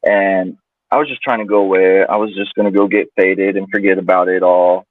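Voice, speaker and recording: Guy on a phone-like line telling his story loose and rambly, lowish voice. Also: level tone, a little fast, no room sound. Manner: casual, loose, many fillers. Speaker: guest. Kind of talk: personal storytelling in conversation. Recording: tinny phone-like line, dry.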